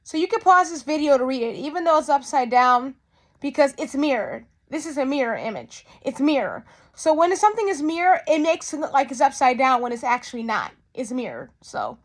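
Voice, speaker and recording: A woman's voice: high voice, sing-song, a little fast. A woman, chatting to her viewers in an unboxing vlog, often repeating herself. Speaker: vlogger.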